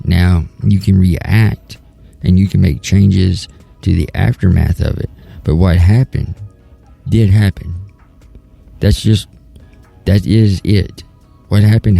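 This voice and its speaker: Low gravelly man rambling on his show. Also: dark tone. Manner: rambling, restarts thoughts, earnest and plainspoken. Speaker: podcast host. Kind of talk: casual solo talk-show monologue.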